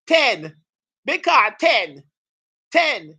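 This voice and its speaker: Her voice is on the high side and sharp, slightly rough, with big pitch swings, a slow pace, and long pauses. She's running a live exam prep class, laughing, joking, and pumping up her students. The audio is rough.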